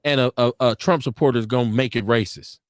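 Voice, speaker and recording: A man's voice: mid-range voice, fairly even intonation, fairly quick, no echo, studio quality. A man co-hosting a casual live-stream chat, blunt, joking and profane.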